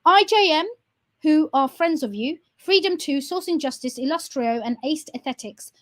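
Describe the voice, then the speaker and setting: High-voiced woman ranting with accusations. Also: moderate pace, a little mellow. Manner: accusing, repeating questions, tag "yeah?" after phrases. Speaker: campaigner addressing viewers. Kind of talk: heated direct-to-camera rant.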